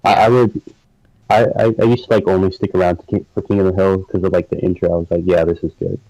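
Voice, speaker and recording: A man's voice: sits low, little pitch movement, quick pace, dark tone, no room sound, low-quality recording. A young man co-hosting a casual live stream chat, rambling with lots of filler words and frequent laughter. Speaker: podcast co-host.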